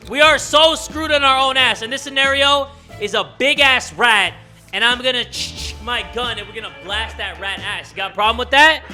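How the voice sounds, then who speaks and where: Excitable young man yelling at a game. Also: high voice. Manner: loud, excitable, yells and swears at the game; reads game text aloud in a narrating voice. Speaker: gaming YouTuber. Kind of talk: let's play commentary.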